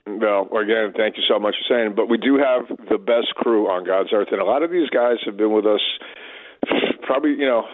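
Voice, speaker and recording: A man in his sixties, a touring band member, chatting in a phone interview, telling stories and acting out dialogue. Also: lowish voice. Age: 60s. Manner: storytelling, chatty, acts out dialogue. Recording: tinny phone line.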